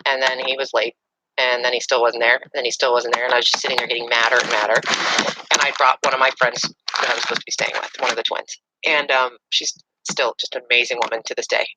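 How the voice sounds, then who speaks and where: A middle-aged woman telling a personal story in casual conversation, animated and rambling with fillers and restarts. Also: extremely low pitch, fast talker, background noise. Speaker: podcast guest.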